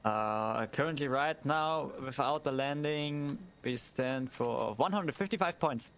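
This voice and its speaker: A man co-commenting a live stream and keeping score, laid-back and halting with fillers. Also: mid-range voice, a bit bright, smooth.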